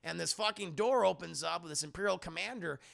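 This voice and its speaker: A man streaming a casual, profane film breakdown to his live chat, excitable and quick to laugh. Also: high-pitched, creaky.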